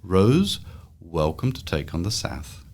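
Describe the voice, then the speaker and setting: Gentle English man asking coaxing questions. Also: sits low, huge pitch swings, slow pace, breathy edge. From England. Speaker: podcast host interviewing his daughter. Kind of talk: relaxed interview chat.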